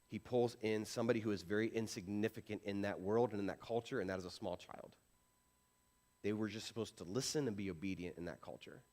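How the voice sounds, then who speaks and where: A man's voice: lowish voice, fairly quick, darkish tone. Conversational male pastor preaching. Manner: conversational, self-deprecating, rhetorical questions. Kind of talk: sermon. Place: church sanctuary.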